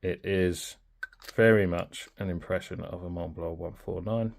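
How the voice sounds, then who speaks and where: A man's voice: sits low, steady tone, unhurried, gravelly. A man chatting informally and thinking aloud in a casual pen review.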